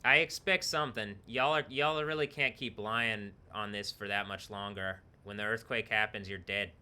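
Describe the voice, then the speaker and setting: Guy ranting on his own livestream, swears a lot, kinda low voice but super bright and crisp. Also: steady tone, normal speed. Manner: profane, rambling, laughs between remarks. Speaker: streamer. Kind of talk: rambling solo livestream talk. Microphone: computer microphone.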